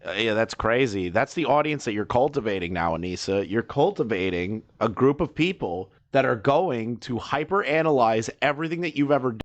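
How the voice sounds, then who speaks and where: A man reacting to a video as a commentary streamer, mocking and swearing as he rambles, with sudden loud high outbursts. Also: lively intonation, fairly quick, few pauses.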